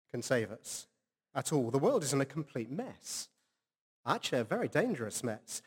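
A man's voice: medium pitch, long reverb tail. A man preaching an earnest, conversational sermon with rhetorical questions.

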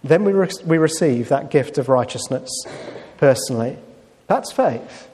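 A man's voice: a little high, animated, a little slow, mellow, long reverb tail. A man preaching a sermon, telling a story in a conversational way with fillers and rhetorical questions.

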